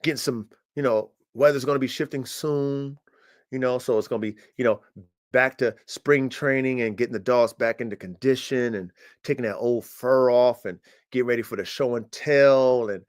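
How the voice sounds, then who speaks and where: A dog breeder runs a livestream about his working dogs, talking in a casual monologue over a streaming mic with a steady tone and moderate pace. He swaggers and boasts, swears freely, and his pitch jumps up when he's hyped.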